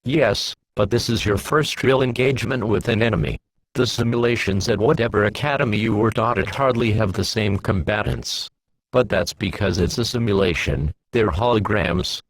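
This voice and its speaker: A man voicing a calm, stern Imperial brigadier who speaks in a measured, commanding way. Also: on the low side, dry recording. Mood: calm authority.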